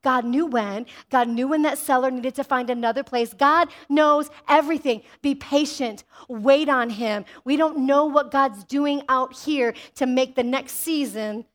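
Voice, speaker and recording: A woman's voice: sits high, a little slow, hardly any pauses. A woman pastor delivering a sermon with energy, often asking the congregation "amen?" and telling personal stories. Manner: personal storytelling.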